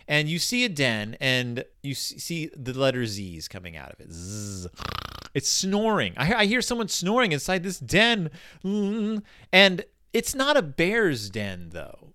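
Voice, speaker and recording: Animated, bright-voiced joking man. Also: mid-range voice, moderate pace, no echo, clean studio sound. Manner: joking, rambling tangents; sarcastic, animated. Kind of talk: comedic book commentary.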